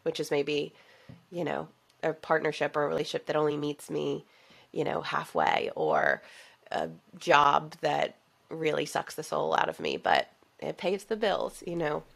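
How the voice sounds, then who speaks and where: A woman hosting a coaching podcast who talks in a reflective, animated way and laughs often. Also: sits low, unhurried, gravelly. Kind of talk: casual interview chat.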